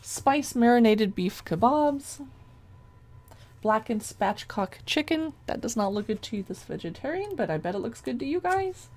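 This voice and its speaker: Woman gushing over a cookbook at home, raspy fry, reads out recipe names. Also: fairly high pitch, very animated, unhurried, darkish tone. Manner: chatty, gushing, reads dish names aloud. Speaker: cookbook reviewer. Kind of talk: casual cookbook flip-through.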